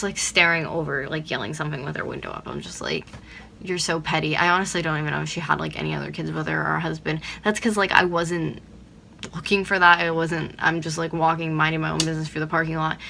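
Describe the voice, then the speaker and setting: Low, gravelly young woman ranting. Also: pushed and bright, slight background noise. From Pennsylvania, USA. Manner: blunt, swears freely, heavy use of "like". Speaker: vlogger. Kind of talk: ranting vlog.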